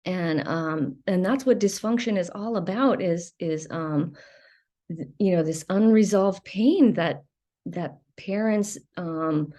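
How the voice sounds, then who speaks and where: A woman's voice: on the low side, slow pace, dark tone. Candid hesitant woman talking through trauma. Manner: candid, hesitant, many ums, swears when angry. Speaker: video host sharing recovery experience. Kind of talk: reflective personal monologue.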